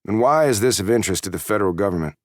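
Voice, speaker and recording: A man's voice: on the low side, expressive, rapid-fire, no room sound, studio quality, natural voice. A man reading an audiobook voices a police chief in his mid-sixties, curt and nasal. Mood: dismissive. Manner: curt and evasive.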